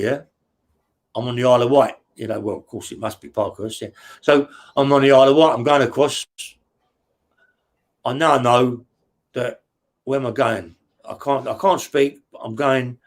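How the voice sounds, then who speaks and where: A man, at a middling pitch for a man, recounts his story in blunt, swearing-laden bursts. He rambles through restarts and punchy sound words, tagging nearly every phrase with a questioning "yeah?". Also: moderate pace, pauses often. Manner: blunt and profane, tags lines with "yeah?". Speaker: interview guest. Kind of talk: casual true-crime storytelling.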